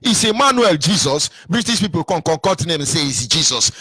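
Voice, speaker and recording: Fiery preaching Nigerian man, high voice. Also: sing-song, fairly quick, sharp tone, breathy edge, no echo. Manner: preachy, emphatic, full of rhetorical questions and repetition. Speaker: political commentator. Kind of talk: impassioned political monologue.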